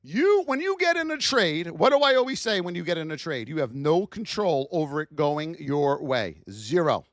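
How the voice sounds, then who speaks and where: A man hosting a live trading lesson, firing rhetorical questions at his chat in a high-energy, hype-driven way. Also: sing-song, normal speed, few pauses, fairly bright tone, no room sound, clean studio sound. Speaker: trading educator hosting a livestream.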